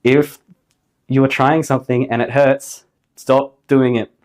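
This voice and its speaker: A man's voice: medium pitch, little pitch movement, measured pace, darkish tone. A man teaching a casual singing lesson in a playful way, joking at his own expense as he explains technique. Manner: demonstrates singing tones between explanations. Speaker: vocal teacher.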